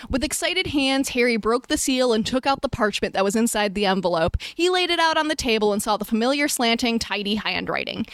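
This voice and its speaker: A young woman hosting a podcast, reading fan fiction aloud deadpan and breaking off for blunt asides. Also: on the high side, fast talker, hardly any pauses, no room sound. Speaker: podcast host.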